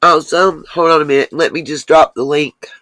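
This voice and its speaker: With a deep, steady, fairly bright voice and no echo, a woman hosts a laid-back livestream. She's chatty, addresses viewers directly, answers comments as they come, and indulges in drawn-out asides.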